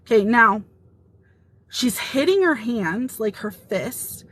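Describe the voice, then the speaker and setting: A woman telling an animated story about her workplace in a casual vlog, quoting the people involved. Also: a little high, takes it slowly, long pauses, husky, dry recording, poor audio. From Italian heritage. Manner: animated retelling, quoting others.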